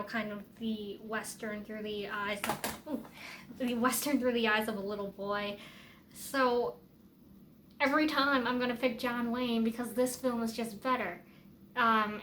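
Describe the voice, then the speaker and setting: A woman vlogger offers casual, rambling film commentary, chatty and opinionated, full of fillers and restarts. Her voice is on the high side and fairly bright, with slight background noise.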